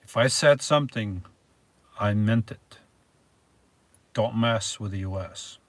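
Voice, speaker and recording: A man's voice: lowish voice, takes it slowly, fairly bright tone, no room sound. Rambling man hosting a live stream. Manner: rambling and hesitant, restarts words, reads viewer names aloud. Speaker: live-stream host reading viewer chat. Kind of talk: casual live-stream chat.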